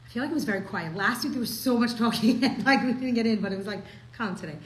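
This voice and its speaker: A young woman leads a casual class at a quick clip, her voice sitting a little high. She is chatty and animated, filling her talk with "like". The room gives a noticeable echo with a faint hiss behind her. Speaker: class teacher.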